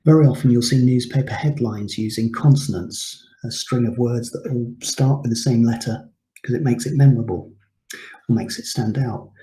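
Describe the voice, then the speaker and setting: A man's voice: medium pitch, moderate pace, dark tone. A man teaching a recorded English lesson, explaining terms patiently with frequent ums. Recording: echoey room.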